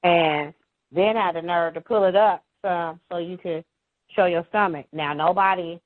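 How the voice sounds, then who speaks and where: A woman tells an exasperated, animated story, slipping into the voices of the people she quotes. Her voice sits a little low. It comes through a tinny, dry phone line. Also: a little slow, dry recording.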